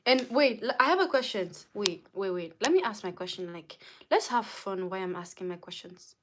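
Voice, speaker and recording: A woman's voice: medium pitch, lively intonation, a little fast, hardly any pauses, a bit bright, slight background noise. A young woman from Africa chatting casually on a livestream, reading viewer comments aloud and answering them, with lots of "like". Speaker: livestream host.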